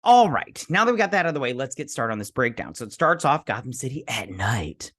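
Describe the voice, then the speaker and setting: A man's voice: medium pitch, big pitch swings, a little fast, a bit bright. Male host, casual review vlog; chatty, meandering delivery with offhand asides. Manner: rambling and chatty, with frequent asides. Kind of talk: casual spoken review and episode recap.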